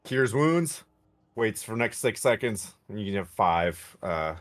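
A man playing a tabletop game, upbeat with quick asides. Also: lowish voice, animated. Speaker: player. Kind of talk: casual tabletop game chat.

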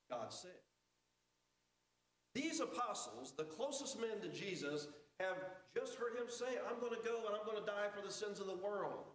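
A man preaching a sermon as pastor, emphatic, with rises and drops to a hush. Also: high-pitched. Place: church sanctuary. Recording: echoey church sanctuary.

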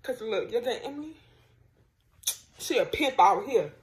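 A young woman hosting a casual vlog, talking to her viewers in an animated, slangy, teasing way. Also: a little high, a little slow. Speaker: vlogger host. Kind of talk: casual chat to camera.

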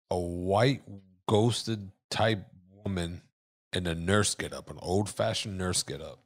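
A man co-hosting a podcast, telling a story in a casual, animated way and swearing freely. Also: deep voice, dry recording, studio quality. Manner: animated, swearing, shouts when acting out scenes. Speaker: podcast co-host.

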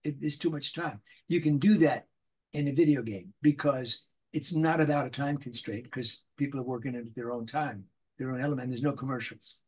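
Medium-pitched and slightly rough, this older man talks at a moderate pace. He's a voice actor guest in a relaxed interview, animatedly telling stories and performing small voices along the way.

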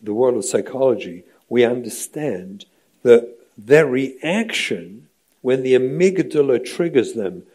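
A man's voice: medium pitch, animated, a little slow, a little mellow. A middle-aged man, a rabbi, giving a training lecture in an emphatic, rhetorical way, often checking in with "right?". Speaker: rabbi lecturing on parenting and education.

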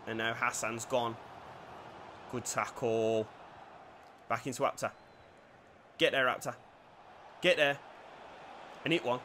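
Excitable young gamer, bright voice. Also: male voice, medium pitch, slow pace, long pauses, a little hiss or hum. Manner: swings from muttered play-by-play to shouted cheering. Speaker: gaming YouTuber. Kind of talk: excited live commentary over a football video game.

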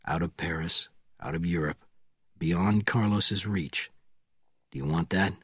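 A man reading an audiobook, voicing a controlled male spy who speaks quietly and curtly. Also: a little slow, husky, dry recording, studio quality. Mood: calm. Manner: quiet, low and clipped.

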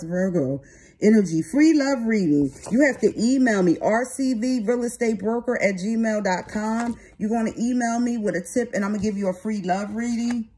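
Woman tarot reader, warm low-toned voice, casual and cussing, drawls some lines and rushes others. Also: husky. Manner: blunt, streetwise, swears freely. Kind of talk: tarot reading and card commentary.

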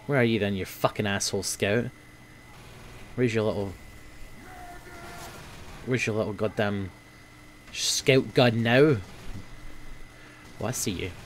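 A young man giving casual gameplay commentary, swearing often and grumbling at his team, quick to flare up. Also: lowish voice, a little hiss or hum. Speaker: gaming video host.

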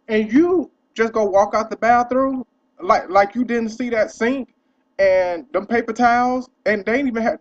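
A young man ranting in a casual vlog, profane and animated as he tells a story. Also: high-pitched, highs cut off. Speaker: vlogger.

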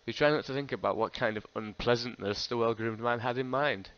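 A man's voice: mid-range voice, a little fast, hardly any pauses, fairly bright tone, smooth, no echo. Man reading a text game, laughing asides. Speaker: host. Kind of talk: reading an interactive fiction game aloud. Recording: dull lo-fi recording.

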